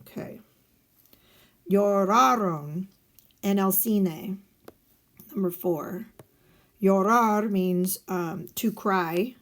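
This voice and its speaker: A woman teacher talks through a recorded lesson at an unhurried pace, step by step. Her voice sits at a middle pitch, and she poses questions to the class and answers them herself. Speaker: Spanish teacher. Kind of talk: recorded video lesson walking through guided notes.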